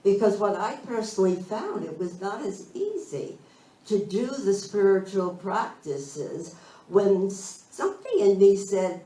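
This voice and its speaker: A woman minister giving a slow, thoughtful spiritual talk, searching for her phrasing as she goes. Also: medium pitch, lively intonation, dark tone. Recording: roomy sound from a distant mic.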